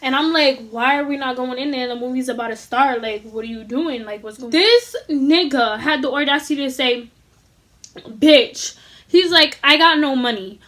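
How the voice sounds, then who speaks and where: A young adult woman telling an animated, slangy storytime with lots of swearing, acting out the lines of the people in it. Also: sits high, normal speed. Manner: acts out dialogue in quoted voices. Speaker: vlogger. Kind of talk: casual storytime.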